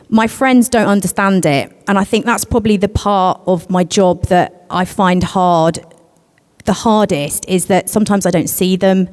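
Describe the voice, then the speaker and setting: A woman panellist candidly telling a personal story at a conference, hesitant, with many pauses. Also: medium pitch, darkish tone. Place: conference hall. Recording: long hall reverb.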